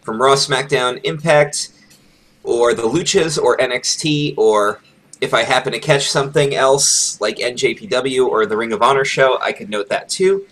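A man hosting a podcast in casual chat, talkative and quick to laugh. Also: medium pitch, a bit bright, rough recording. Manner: chatty, laughs easily. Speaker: podcast host.

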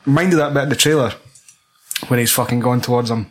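A man's voice: medium pitch, fairly quick. A young Scottish man in casual chat about a film, enthusiastic and swearing constantly.

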